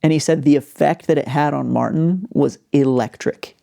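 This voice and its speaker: A man hosting a podcast, spinning a story in a relaxed, chatty way and leaning on frequent fillers. His voice sits a bit high for a man, with a gravelly edge and a dark, mellow tone. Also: normal speed. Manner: animated, filler-heavy storytelling. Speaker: podcast host. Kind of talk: casual storytelling.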